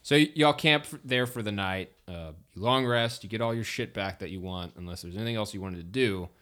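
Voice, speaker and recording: A man's voice: fairly low pitch, fairly quick, fairly bright tone. A man running a tabletop game as game master, narrating casually with many restarts and fillers.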